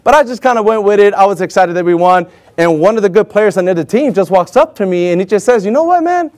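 A man with a fairly high voice recounts a personal story to an audience. He tells it with energy and jumps into the voices of the people he quotes. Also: fast talker. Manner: animated, acts out other people's lines in raised voices. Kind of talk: personal anecdote told to an audience.

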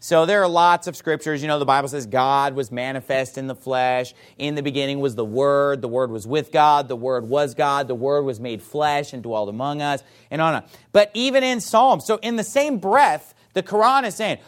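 A man preaching a sermon, reading scripture emphatically and playfully mimicking his opponents in excited voices. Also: fairly high pitch, normal speed. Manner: reads scripture aloud in a rising, emphatic voice.

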